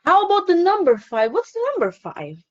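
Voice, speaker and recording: A woman's voice: very high-pitched, huge pitch swings, a little fast, dull audio. A woman teaching an online phonics lesson to a child, cheerful and encouraging, laughing often.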